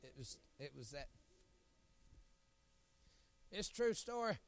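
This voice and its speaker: A middle-aged man, an evangelist preaching a sermon, telling folksy stories and building to loud, shouted appeals. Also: on the high side, big pitch swings, takes it slowly, slight background noise.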